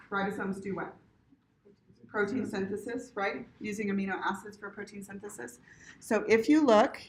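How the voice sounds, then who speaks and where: Woman instructor giving a loose, conversational classroom lecture with a mild swear here and there. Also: mid-range voice. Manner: casual, chatty, checks in with "right?" and mild swearing. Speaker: anatomy instructor.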